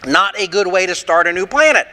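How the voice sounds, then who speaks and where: A man leading an interactive sermon class, animated and rhetorical with a sarcastic streak, taking questions from the room in a church. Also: sits high, brisk, in a large hall. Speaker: pastor teaching a Bible class.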